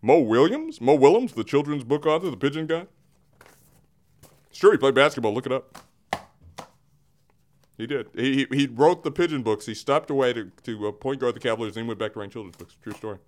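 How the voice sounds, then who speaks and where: A man's voice: mid-range voice, animated, fairly quick, pauses often, darkish tone. Goofy sports guy hamming it up in a studio, keeps cracking himself up, voice jumps all over. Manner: theatrical, self-interrupting, giggly. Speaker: comedic sports segment host. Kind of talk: comedic in-character sports rant. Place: radio studio. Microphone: studio mic.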